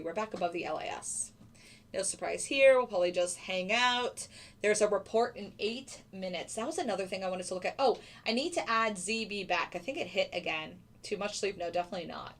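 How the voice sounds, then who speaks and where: A woman hosts a live stream in a relaxed, casual way, greeting viewers by name as she talks. Her voice sits at a medium pitch. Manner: chatty, answers viewers by name. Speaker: livestream host. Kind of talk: casual livestream chat.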